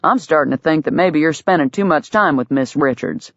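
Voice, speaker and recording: A woman reading an audiobook, voicing a gruff, stern young livery owner with a clipped manner. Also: low-pitched, expressive, fairly quick, no room sound. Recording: dull, dry lo-fi sound.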